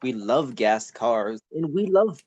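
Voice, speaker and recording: A man's voice: medium pitch, sing-song, slow, lo-fi sound, crowd noise. A teenage man co-hosting a casual comedy podcast, talking in a hesitant way with lots of fillers and restarts. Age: late teens. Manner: hesitant, filler-heavy, stammering delivery. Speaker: podcast co-host.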